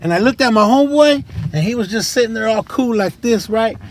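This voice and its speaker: High-voiced man telling a street story. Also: expressive, a little fast. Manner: casual, slangy and profane, with many fillers. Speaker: recovering addict telling his story. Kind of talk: unscripted personal storytelling. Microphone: tablet camera mic. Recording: noisy street and traffic sound.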